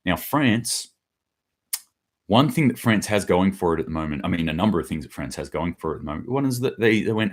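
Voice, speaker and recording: A man's voice: low-pitched, animated, fairly quick. A middle-aged man hosting a solo news commentary, blunt and sarcastic, acting out quotes in mock voices.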